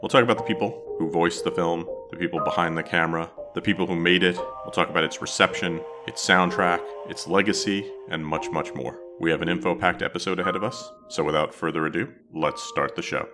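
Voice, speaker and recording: A man with a very low, deep voice tells a story from his childhood as a podcast host. He narrates in a reflective, scripted way while music plays clearly under him. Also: fairly even intonation, a little fast, hardly any pauses.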